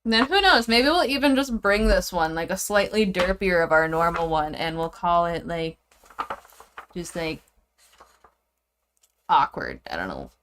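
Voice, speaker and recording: A young woman chatting casually and giggling as she draws, rambling and often trailing off quietly. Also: lowish voice, big pitch swings, measured pace, pauses often. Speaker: streamer drawing goose characters. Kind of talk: casual chat while drawing.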